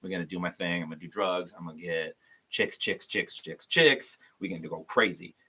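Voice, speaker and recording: A man's voice: low voice, steady tone, fairly quick, pushed and bright, breathy edge, full character voice. A man voicing a brash young son who takes his inheritance early, talking with cocky, slangy swagger.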